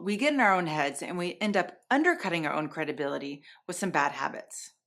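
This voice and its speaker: Lively woman communication coach. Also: on the low side. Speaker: communication trainer. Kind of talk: scripted presentation to camera.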